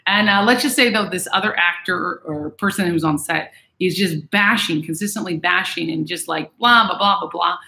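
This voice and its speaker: A woman's voice: on the low side, normal speed, few pauses. Brief: chatty woman vlogger in an echoey room. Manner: chatty, animated, acts out quoted people. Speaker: vlogger reading and answering viewer messages. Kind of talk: casual advice chat.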